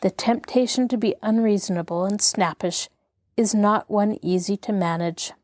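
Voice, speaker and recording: A woman reads a classic novel aloud as an audiobook host, measured and expressive. Her voice sits mid-range, recorded close and dry with no room sound. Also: medium pitch, dry recording. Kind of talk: scripted narration of a classic novel.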